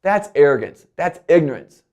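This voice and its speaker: Man on a keynote stage, lifted voice, animated delivery that slips into quoted self-talk. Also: fairly high pitch, normal speed, lo-fi sound. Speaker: keynote speaker.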